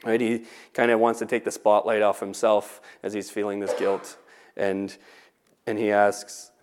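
A man's voice: on the low side, monotone, measured pace, a little mellow, a little hiss or hum. A man, a teacher, talking casually about faith, often restarting words and checking in with "right?". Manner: conversational, frequent "right?" and restarts.

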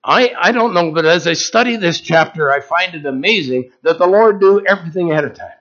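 Man, preacher, sermon, chatty, asks the congregation questions, higher voice, dull lo-fi sound. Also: animated, fairly quick, fairly bright tone.

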